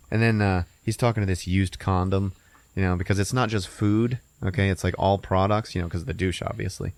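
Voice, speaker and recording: A man's voice: low-pitched, fairly even intonation, normal speed, a little mellow, dry recording. A man hosting a podcast, rambling and swearing as he recaps a movie. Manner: rambling, laughing, profane. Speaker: podcast host.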